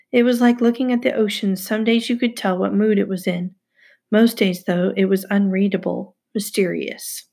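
A woman reading a first-person novel aloud in a steady storytelling manner. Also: medium pitch. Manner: steady storytelling, hushed asides. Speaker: audiobook narrator.

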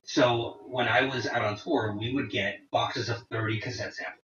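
A man in his forties casually telling rambling, profane stories about touring, with animated quoting. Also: medium pitch, normal speed. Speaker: guest telling tour stories. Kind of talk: casual storytelling chat. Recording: roomy, distant, dull lo-fi sound.

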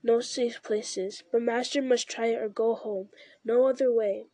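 A woman's voice: a little high, steady tone, dark tone, dry recording. A woman reading aloud and voicing a wretched, sly male creature who hisses and wheedles. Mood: sulky. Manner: hissing, wheedling, slow.

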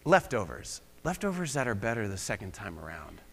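A young man from Pennsylvania, guest preaching in a church sanctuary, gives a conversational, self-deprecating sermon with bits of humor. His fairly low, creaky voice is sing-song and fairly bright, moving fairly quickly, and the long reverb of a large hall surrounds it.

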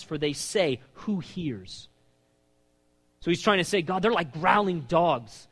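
Male preacher, high and very lively delivery, booming in a hall with long reverb. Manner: impassioned, reads scripture aloud with rising pitch and slowed emphasis. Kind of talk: sermon.

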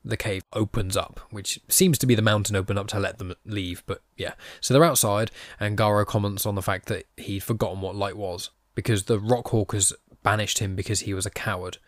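A man's voice: lowish voice, steady tone, fairly quick, hardly any pauses, no echo, studio quality. A man hosting a podcast, chatting casually through a comic story and reading quoted lines aloud in his own voice with a self-deprecating manner. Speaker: podcast host.

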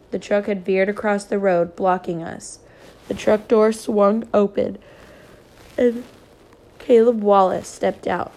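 Woman reading a novel aloud, flat and steady. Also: medium pitch. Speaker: reader.

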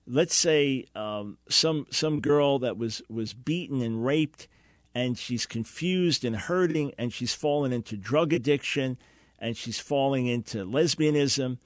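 A man's voice: mid-range voice, no echo, clean studio sound. A man hosting a radio call-in show, earnestly explaining and answering a caller's question, sometimes acting out quoted dialogue.

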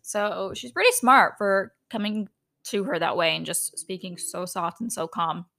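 A woman talks through a reality show episode on her solo podcast. Her delivery is loose and gossipy, full of "like" and quick laughs. Her pitch sits in an ordinary middle range. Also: vocal fry, pushed and bright. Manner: chatty, laughs often, lots of "like". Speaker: podcast host. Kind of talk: casual solo TV recap chat.

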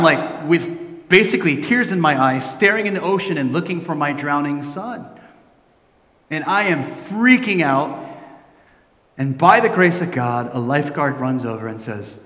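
Animated preaching man in an echoey hall. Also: fairly high pitch. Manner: animated storytelling, acting out quoted voices; drops to a soft, hushed tone for reflective points. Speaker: pastor. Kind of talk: sermon. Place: large church hall. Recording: echoey hall with long reverb.

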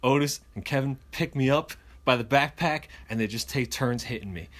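Animated man telling a story. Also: mid-range voice, normal speed. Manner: animated, acts out quotes with swearing. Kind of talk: casual storytelling.

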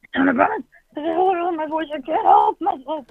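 A woman's voice: extremely high pitch, fast, creaky, dry recording. A woman playing a creepy, provoking prank caller who swears and argues with the host over the phone. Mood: indignant. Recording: tinny phone line.

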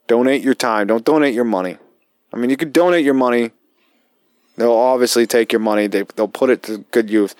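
A man's voice: mid-range voice, a little mellow, clean tone, dry recording, studio quality. A man who hosts a podcast as a military veteran. He tells stories casually, swearing often and rambling with lots of fillers. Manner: profane, rambling, with frequent fillers. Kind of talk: casual storytelling.

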